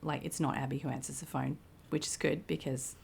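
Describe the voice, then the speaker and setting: A woman's voice: sits low, little pitch movement, a little fast, creaky, a little mellow, slight background noise. A woman co-hosting a podcast, chatting casually and with amusement about a TV episode. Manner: chatty, amused, laughing between remarks. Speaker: podcast co-host. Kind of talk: casual TV episode recap chat.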